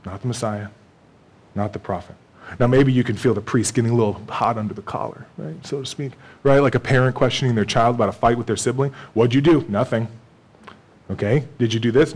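A man preaching a sermon at an ordinary pitch, talking in a relaxed and conversational way. He acts out short exchanges and laughs along as he teaches. His voice climbs and gets louder when he builds a point. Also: fairly quick, pauses often, slightly rough. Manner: animated, conversational preaching with acted-out dialogue and laughter. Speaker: pastor.

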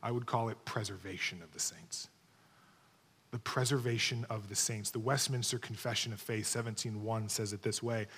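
A man's voice: fairly low pitch, fairly even intonation, normal speed, fairly bright tone, breathy edge. Emphatic preaching man in a reverberant hall. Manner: emphatic teaching, repeating key words, asking the room "okay?". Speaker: pastor. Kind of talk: sermon.

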